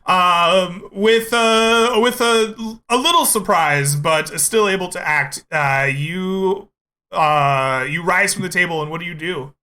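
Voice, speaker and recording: A man running a tabletop game, narrating scenes for his players. His voice sits high and sounds bright and clear. He takes his time, pausing on fillers as he describes the action. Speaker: game master.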